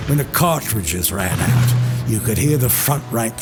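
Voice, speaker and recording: A man performs a poem as dramatic recitation, slow and deliberate, his voice gravelly with fry. He drops his g's like a rough old soldier and breaks into loud shouts. A music score plays clearly under him. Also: on the low side, expressive. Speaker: poetry reader.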